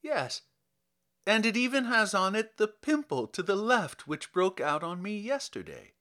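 Male reader as high, lively, frantic official; loud, bright exclamations. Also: a little slow, exaggerated voice. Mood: wondering. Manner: excited, exclaiming. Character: flustered noseless male official, excitable.

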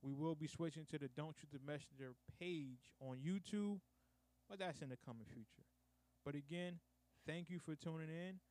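A man's voice: a little high, normal speed, a little mellow, no room sound. A man hosting a casual sports podcast, upbeat and promotional, with slangy everyday talk. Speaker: podcast host; radio host.

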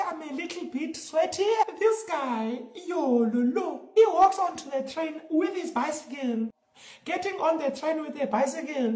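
A man's voice: very high-pitched, slight background noise, pitched above the performer's own voice. A man voicing a brash South African woman who rants indignantly about her train ride, in a comedy clip. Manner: loud, indignant ranting storyteller. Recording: roomy echoey clip.

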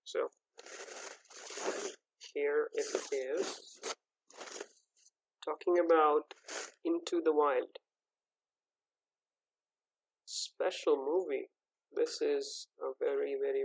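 A man's voice: fairly high pitch, little pitch movement, slow, gravelly, pauses often, no echo, poor audio. A man hosting his own movie podcast, talking casually with lots of fillers and restarts. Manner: rambling, hesitant, many fillers and restarts. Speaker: podcast host. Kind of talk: casual solo podcast talk.

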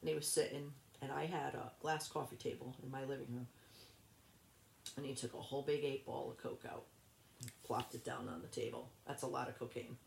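A woman, a guest in an interview, telling a personal story in a rambling, halting way with many restarts. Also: a bass voice, steady tone, creaky, roomy sound, slight background noise.

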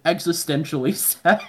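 A man's voice: a little high, a little hiss or hum. A man, a podcast guest, telling rambling stories in casual chat, swearing often and mumbling the voices of people he quotes.

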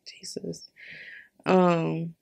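Young female podcaster, storytelling monologue, candid, animated, lots of laughs. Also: on the low side, extremely slow, creaky. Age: young adult. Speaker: podcast host. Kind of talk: personal storytelling.

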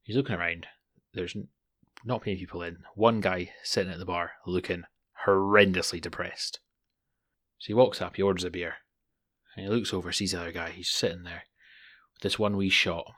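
A man's voice: deep voice, fairly even intonation, brisk, pauses often, a bit bright. A man co-hosting a casual podcast, telling jokes in a dry, wry way. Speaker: podcast co-host.

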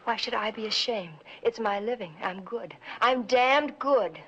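A woman's voice: fairly high pitch, a little slow, fairly bright tone, muffled recording, slight background noise. An actress in her thirties playing a volatile burlesque stripper in a 1960s film drama, defensive and cutting. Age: 30s. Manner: defensive, turning bitter and cutting.

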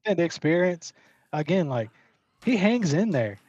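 A man's voice: a little high, very animated, moderate pace, darkish tone, husky, no echo. Swearing male co-host on dull, dry audio. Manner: chummy, swears freely, second-guesses himself. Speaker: podcast co-host. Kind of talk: casual podcast chat about fight picks.

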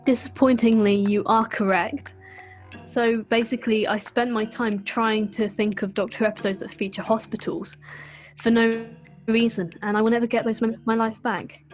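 A woman's voice: on the high side, steady tone, normal speed, faint music behind. A woman co-hosting a podcast with dry, teasing banter. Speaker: podcast co-host.

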